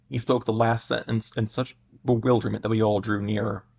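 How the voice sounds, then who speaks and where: A man reads an old adventure story aloud in a measured, dramatic way, now and then tripping over a word. His voice sits low with a gravelly texture. The recording is dull and lo-fi. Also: flat delivery, a little mellow. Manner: measured, with occasional stumbles and restarts. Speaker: reader. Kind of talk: dramatic reading of pulp fiction. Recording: muffled lo-fi recording.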